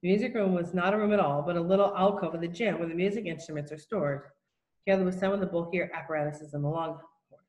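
A woman reading a children's novel aloud in plain, unhurried narration with small slips. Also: on the low side, a little mellow, reverberant, low-quality recording. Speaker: reader.

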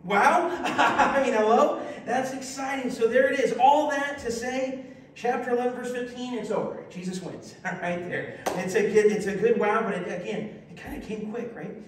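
A man preaching a sermon, reading scripture aloud and leading his congregation in call-and-response, lively and exclamatory, joking with the people in front of him. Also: very high voice, normal speed, recorded from a distance. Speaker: pastor. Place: church sanctuary. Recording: very echoey hall, voice from afar, faint hiss.

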